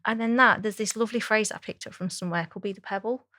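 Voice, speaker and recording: A woman's voice: medium pitch, quick pace, bright, forceful tone, no room sound, clean studio sound. Chatty woman telling a workplace story. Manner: friendly, anecdotal, chatty. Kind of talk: panel discussion, storytelling.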